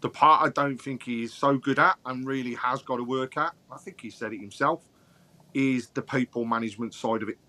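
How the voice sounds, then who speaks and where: Measured man explaining football opinions. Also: medium pitch, steady tone, bright, forceful tone. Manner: measured, explains his points at length. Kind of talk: casual football chat.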